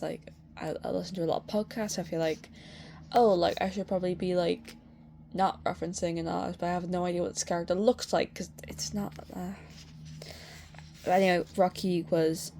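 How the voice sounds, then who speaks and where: A young woman chatting casually at home through a sketchbook tour, rambling with many fillers and getting excitable. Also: fairly low pitch, creaky, slight background noise. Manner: excitable, swears in bursts. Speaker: artist showing a sketchbook.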